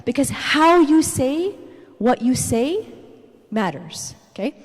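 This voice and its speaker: Woman in her 30s giving a parenting talk, says okay a lot, highish voice, long echo in a church hall. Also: slow. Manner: animated storytelling, tags lines with "okay?". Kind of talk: parenting talk with personal stories.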